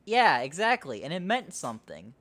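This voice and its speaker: A man's voice: a little high, huge pitch swings, normal speed, a crowd in the background. A man hosting a podcast in a loose, rambling chat, swearing and laughing easily. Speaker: podcast host. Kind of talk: casual chat.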